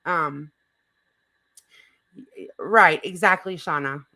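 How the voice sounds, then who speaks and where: A woman's voice: low-pitched, slow, sharp tone, rough recording. A woman hosting a livestream, chatting casually and reading the chat aloud while reacting to a clip.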